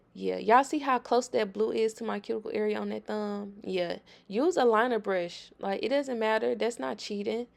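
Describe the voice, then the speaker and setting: Chatty woman with a gravelly voice. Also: mid-range voice. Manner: chatty, emphatic, addresses viewers directly. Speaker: nail tutorial host. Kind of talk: casual tutorial voice-over.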